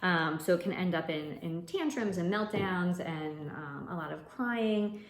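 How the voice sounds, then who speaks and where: A woman's voice: lowish voice, expressive, a little slow. A woman who is an educator, leading a casual home lesson with children, often prompting them with "right?" and some fillers. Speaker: educator leading a mindfulness activity. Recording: echoey room, faint noise.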